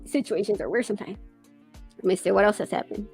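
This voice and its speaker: A woman's voice: medium pitch, quick pace, vocal fry, a little mellow, slightly rough, soft background music. A woman hosting a casual chat, rambling through stories with plenty of swearing and laughter. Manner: profane, rambling storyteller who laughs often. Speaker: podcast host.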